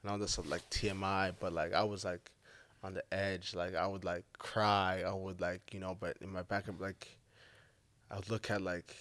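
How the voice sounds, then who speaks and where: A man's voice: low-pitched, flat delivery, moderate pace, fairly bright tone. A young man with an African accent, a guest speaking earnestly and from the heart in casual chat, with many fillers. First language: African language. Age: young adult.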